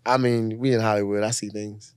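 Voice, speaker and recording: A man's voice: fairly low pitch, flat delivery, a little fast, smooth, no room sound, clean studio sound. A man from Louisiana, a comedian and entrepreneur, chatting loosely as a guest in a kitchen, laughing often and trailing off into fillers. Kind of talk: casual chat.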